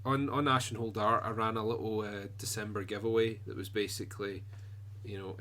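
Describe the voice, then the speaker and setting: An easygoing man chatting on a podcast, his voice sitting a little on the low side. He rambles along in a self-deprecating way. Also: little pitch movement, fairly quick, few pauses, sharp tone, slight background noise. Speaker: podcast co-host. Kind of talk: casual chat.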